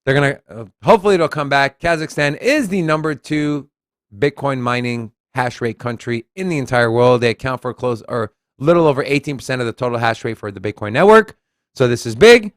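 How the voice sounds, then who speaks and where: A blunt, animated man talking through crypto news articles in a casual co-host style. His voice sits at an ordinary pitch. The recording is dry and close, with no room sound. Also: dry recording. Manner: blunt, animated, reads quotes aloud.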